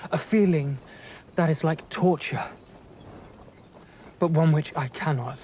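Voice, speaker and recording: An actor playing an earnest young gentleman pouring out a heartfelt confession of love in a period drama. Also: on the high side, slight background noise, close to an everyday voice. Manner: heartfelt, pleading.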